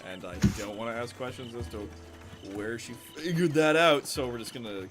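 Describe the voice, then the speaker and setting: A man's voice: mid-range voice, normal speed. A man streaming a video game, chatting casually with a co-streamer, swearing a lot and laughing often. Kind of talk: casual gaming stream chat. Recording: game music behind the voice.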